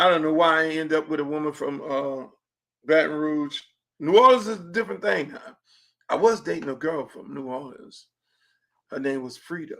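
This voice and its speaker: A middle-aged man with a Miami accent hosting a casual livestream podcast, profane and joking, swinging between booming and hushed talk. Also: normal speed, vocal fry. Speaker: podcast host.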